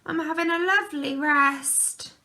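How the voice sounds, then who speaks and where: A woman voicing a tired, gentle mother who stays polite to her noisy family. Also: high voice, fairly even intonation, measured pace, voice pushed up. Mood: weary. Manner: polite, weary.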